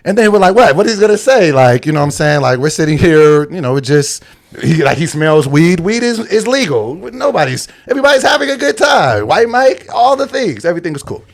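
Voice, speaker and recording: A man's voice: high-pitched, big pitch swings, brisk. A young adult man telling a story in casual podcast chat, acting out quotes and laughing often. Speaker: podcast co-host.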